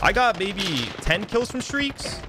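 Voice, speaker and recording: A young man giving excited, trash-talking commentary over his own gameplay, often repeating himself. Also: high-pitched, takes it slowly, background noise. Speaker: gaming YouTuber. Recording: game gunfire loud behind voice. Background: gunfire and explosions from the game.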